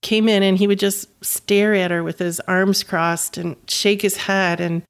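A woman's voice: medium pitch, flat delivery, unhurried, smooth. A woman in her fifties, a caregiving mother telling her story as an interview guest, earnest and emphatic, repeating words for stress. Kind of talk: personal storytelling in conversation.

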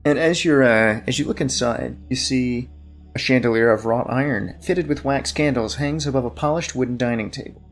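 A man's voice: medium pitch, moderate pace, soft background music. A man narrating a tabletop game as game master, describing scenes at length with many fillers.

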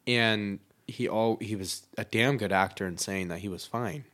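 Guy chatting on a podcast, lowish voice, swears a lot, lots of likes and you knows. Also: moderate pace, a bit bright. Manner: candid, swears freely, many fillers. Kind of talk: casual chat.

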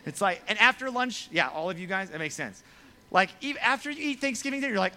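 Young male youth pastor, casual joking sermon, bright tone, swooping pitch, acts out quotes. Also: very animated, fast talker.

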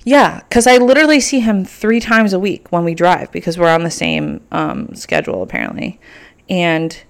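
Young female podcaster, solo casual chat, petty and playful, sits a little low in pitch. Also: sing-song, moderate pace, vocal fry. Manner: chatty, playfully petty, lots of filler "like". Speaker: podcast host.

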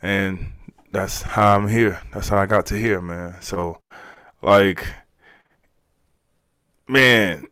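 Halting, heartfelt man telling his story. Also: deep voice, steady tone, pushed and bright, clean tone, no echo. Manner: emotional, halting, repeats words. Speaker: podcast guest. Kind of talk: candid storytelling.

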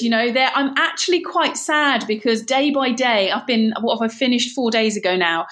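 A woman's voice: fairly high pitch, a bit bright. A woman from Britain, a guest in an interview, telling stories in a chatty way with many restarts and laughs. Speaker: guest, barefoot runner. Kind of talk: animated storytelling interview.

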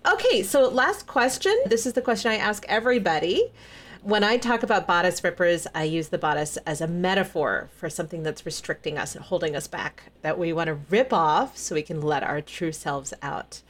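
A woman hosting a podcast interview in a relaxed, conversational way. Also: lowish voice, normal speed. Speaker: podcast host. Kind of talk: casual interview chat.

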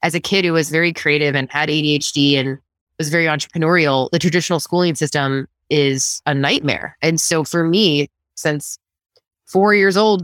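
A woman guest tells her story in a casual interview, animated and quick to laugh. Her voice sits a little low but leaps up when she acts out what others said. The recording is dry and close. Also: clear, resonant tone, no room sound. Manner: animated, laughs often, acts out quotes in a higher voice.

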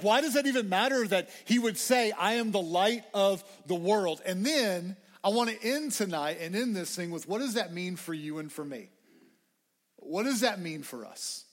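A young man preaching a conversational, excitable sermon to students, often restarting his phrases. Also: high-pitched. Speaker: campus minister. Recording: hall reverb.

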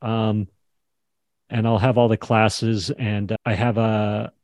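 A man's voice: fairly low pitch, level tone, slow, a little mellow, dry recording. Impassioned man coaching a class. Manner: impassioned, acts out dialogue. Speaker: podcast host and coach. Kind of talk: animated teaching session on a video call.

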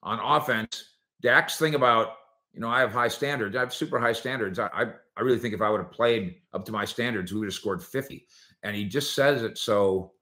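A man hosting a sports opinion show, talking in an animated, sarcastic way and acting out quotes from players and coaches. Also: mid-range voice.

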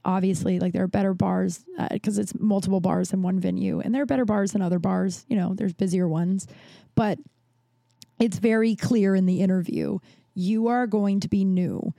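Young woman podcast host, casual storyteller, mellow timbre, dry close mic. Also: medium pitch, creaky, no room sound. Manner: rambling, restarts, acts out quoted dialogue.

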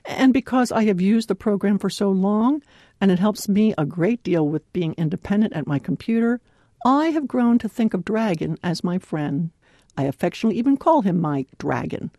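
Woman with a lively, mellow voice. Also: mid-range voice, normal speed, no echo, clean studio sound. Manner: warm, earnest, laughs often; clear, carefully enunciated delivery. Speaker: devotional speaker. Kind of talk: devotional talk.

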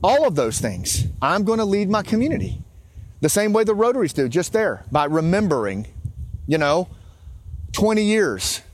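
A man in his fifties speaks in a somewhat high voice, earnest and heartfelt, rising into passionate conviction. He talks while walking outside, and a clear hiss of noise sits under his voice. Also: big pitch swings, moderate pace. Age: 50s. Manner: earnest, emotional, builds to passionate. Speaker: podcast host. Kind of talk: casual walking monologue. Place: outdoors in a small river town.

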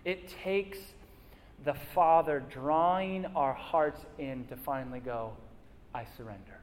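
A man's voice: fairly high pitch, slow. A man preaching a sermon as a pastor, earnest, posing questions to the congregation and answering them himself. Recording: long reverb of a large hall.

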